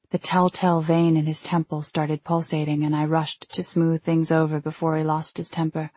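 Female audiobook narrator, lowish husky voice, measured first-person reading, dry close sound. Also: little pitch movement, darkish tone, no echo.

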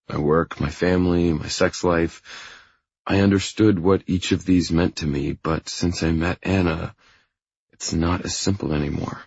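A man narrating a first-person audiobook in a low, intimate, even reading style. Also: gravelly, breathy edge, no room sound, muffled recording.

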